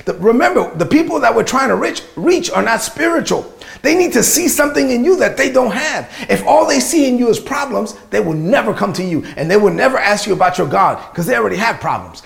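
A man's voice: sits high, vocal fry. A man in his forties preaching a sermon as pastor, emphatic and repeating phrases for stress. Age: 40s.

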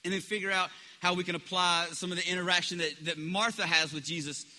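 A man with a high, very bright, forceful voice preaches a sermon, talking it through casually and stumbling over restarts. He slips into the voices of the people he quotes. Long reverb trails behind every word, as in a large hall. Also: steady tone, fast. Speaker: pastor.

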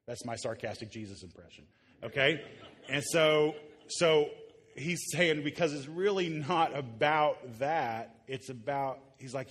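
A man's voice: mid-range voice, measured pace, fairly bright tone, slightly rough, long reverb tail. A man preaching a conversational sermon to a live congregation in a church. He is a pastor who jokes casually with the room and often restarts his sentences. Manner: casual, joking, with frequent restarts.

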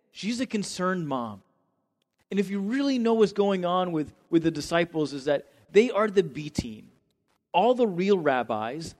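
Pastor guy giving a sermon, gets worked up and trips over his words, long echo like a big church. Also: a little high. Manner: animated, repeats words and restarts. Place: church sanctuary. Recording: long hall reverb.

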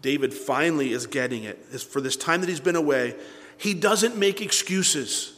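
A male pastor preaching a sermon, animated, swinging between loud bursts and hushed asides. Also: on the high side, normal speed, in a large hall.

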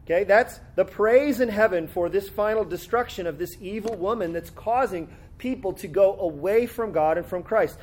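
A man's voice: sits high, normal speed, hardly any pauses, a little mellow. A man preaching a sermon, reading scripture aloud and explaining it in a conversational way with frequent tag questions. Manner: expository, reads scripture aloud with rising fervor.

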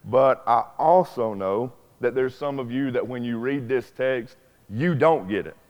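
A man's voice: mid-range voice, a little slow, a little mellow. A middle-aged man, preaching a sermon in an earnest, personal, conversational way. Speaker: pastor. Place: church sanctuary. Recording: long church reverb.

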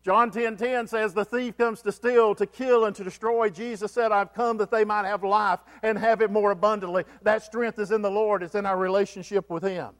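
A man's voice: sits high, fairly even intonation, a little fast, hardly any pauses. A man preaching a sermon as pastor, asking the congregation questions and repeating key phrases for emphasis. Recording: long hall reverb.

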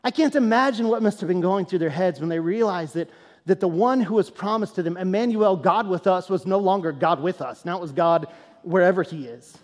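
A man preaching a sermon as a pastor, telling a story in an animated, conversational way and then teaching in a more earnest, quieter tone. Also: sits high, a little fast. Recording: long hall reverb.

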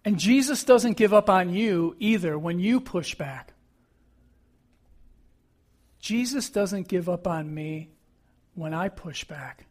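A man's voice: sits high, lively intonation, slow pace, pauses often, a little mellow. A middle-aged man preaching a sermon as pastor, earnest and emphatic, repeating key phrases.

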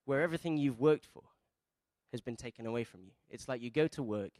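Brief: male pastor, a mid-pitched voice, a dry close mic, preaching with question-led call-and-response. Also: quick pace, dry recording. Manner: swings between soft, low asides and loud emphatic peaks. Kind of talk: sermon.

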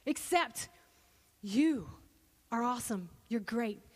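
Woman preacher, higher voice, lively storytelling sermon, long hall reverb. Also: takes it slowly. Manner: animated, expressive storytelling with bursts of excitement.

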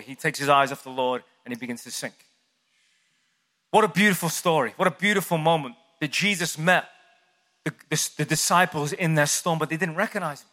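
A male preacher delivers a sermon, retelling a story with animation and tossing questions to the crowd. His voice sits high and bright, and a long hall reverb follows each phrase.

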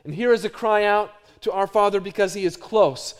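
A middle-aged male pastor preaching a sermon, swinging from hushed, low phrases to loud, emphatic repeated lines. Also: normal speed, clean tone.

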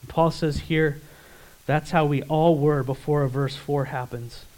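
Emphatic preacher man, higher voice. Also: fairly even intonation, a little slow, poor audio. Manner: emphatic, swings between loud urgency and quiet intensity; asks the congregation rhetorical questions. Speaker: pastor. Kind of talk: sermon.

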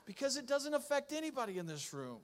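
Male pastor, sermon delivery, high-pitched, teasing humor with emphatic outbursts. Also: very animated, fast. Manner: joking, swings from low asides to loud emphatic lines.

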